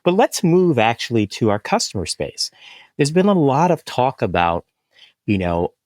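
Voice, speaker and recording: A man hosting a podcast interview, asking measured questions and murmuring agreement. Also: medium pitch, very animated, a little mellow, no echo. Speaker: podcast host.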